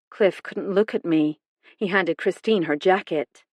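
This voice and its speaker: A woman narrating a mystery audiobook in the first person, with clear, even storytelling. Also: on the low side, measured pace, no room sound.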